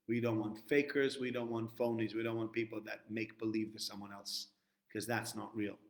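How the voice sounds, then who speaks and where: A man giving a live-streamed Torah lesson, acting out quotes loudly, then dropping low and quiet to stress a point.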